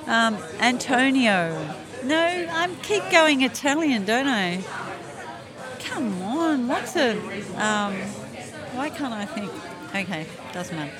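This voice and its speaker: A woman's voice: a little high, big pitch swings, slow pace. A woman co-hosting a podcast in casual chat from a brewery taproom. She is chatty, trails off and gropes for words. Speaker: podcast co-host. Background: crowd chatter.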